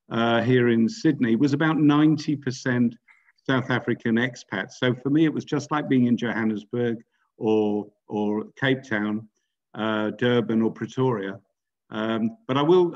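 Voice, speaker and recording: Man chatting warmly on a muffled video call. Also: medium pitch. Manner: chatty and personal, with restarts. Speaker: rabbi. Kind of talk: speaking to a joint congregation event on a video call.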